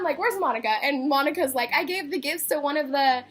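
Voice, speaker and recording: A woman's voice: high voice, brisk, a bit bright. A young woman telling a casual storytime in a vlog, chatty, swearing freely and acting out what people said. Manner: chatty, swears freely, acts out quotes, laughs. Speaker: concert vlogger.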